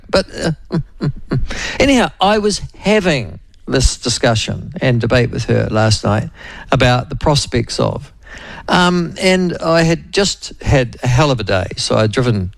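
A man's voice: medium pitch, gravelly, no echo. A middle-aged man with a New Zealand accent hosting a casual talk radio show, rambling and wry, full of opinions and asides to his co-host. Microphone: studio microphone.

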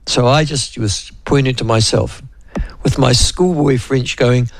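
A New Zealand man hosts a radio show with a gravelly, creaky voice. He rambles from one aside to the next, full of ums and little asides to his co-host. His voice sounds dry and close, with no room around it. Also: mid-range voice, unhurried, no room sound. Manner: rambling, digressive, lots of fillers; addresses co-host and listeners by name. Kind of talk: casual radio chat.

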